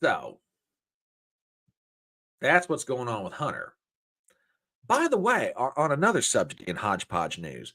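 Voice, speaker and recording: Folksy man with a lively voice. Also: medium pitch, measured pace, long pauses, husky. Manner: animated, folksy, indignant ranting. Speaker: host. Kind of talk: political commentary show.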